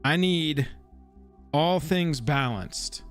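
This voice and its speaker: A fairly high-voiced man chatting on a live stream, excitable and slangy, swearing casually. Faint music plays behind him. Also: extremely slow. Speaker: co-host of a card game live stream.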